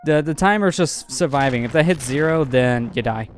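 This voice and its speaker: A man's voice: mid-range voice, normal speed, soft background music. A man hosting a let's play, giving casual, knowledgeable gameplay commentary. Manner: explanatory, knowledgeable.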